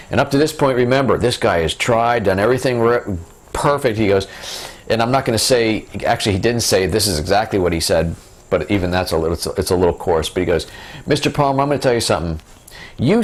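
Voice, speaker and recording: A middle-aged man with a fairly low voice hosts a business video series, casually telling a rambling story to the camera with lots of fillers and restarts.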